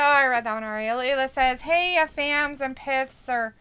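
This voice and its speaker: A woman's voice: sits high, a little fast, pushed and bright. A woman co-hosting a casual live watch-along stream, reading viewer comments aloud, laughing often and swearing casually. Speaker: stream co-host.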